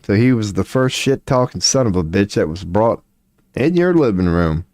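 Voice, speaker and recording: A man's voice: fairly low pitch, animated, moderate pace, a little mellow, dry recording, studio quality. A man in his forties chatting casually on a livestream, rambling and profane, laughing often as he talks. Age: 40s. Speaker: streamer.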